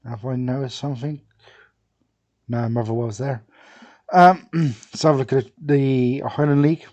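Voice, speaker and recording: A young gaming video creator chats casually over a football management game, thinking aloud and rambling with lots of fillers and pauses. His warm, mellow voice sits at a normal middle pitch with fairly even intonation, close to a desk mic on lo-fi audio.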